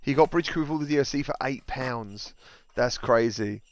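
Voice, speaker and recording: Male stream host, smooth clear voice, slightly muffled mic. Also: medium pitch, normal speed, dry recording. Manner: reads out chat messages, upbeat greetings. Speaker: livestream host. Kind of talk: casual livestream chat.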